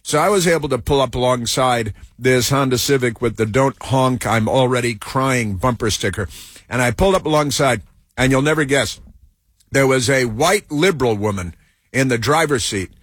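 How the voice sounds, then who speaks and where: A man hosting a talk radio show, telling a story in a sarcastic, deadpan way. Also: medium pitch, moderate pace, husky, no room sound, clean studio sound. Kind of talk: casual talk radio monologue.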